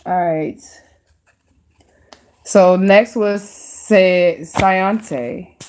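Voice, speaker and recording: A woman hosting a live stream and reading tarot cards for her viewers, chatty and excitable, with casual slang and drawn-out emphasis. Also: mid-range voice, slight background noise.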